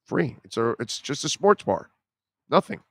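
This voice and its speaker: A man's voice: on the high side, big pitch swings, moderate pace, a bit bright, no echo, clean studio sound. A middle-aged man hosting a live sports radio show, chatting casually and reacting to comments with self-deprecating, emotional asides.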